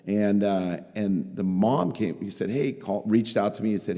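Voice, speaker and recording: A man's voice: fairly low pitch, normal speed, few pauses, mellow. A man giving a candid, self-mocking personal testimony at a recovery meeting, acting out quoted dialogue as he goes. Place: meeting hall. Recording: long hall reverb.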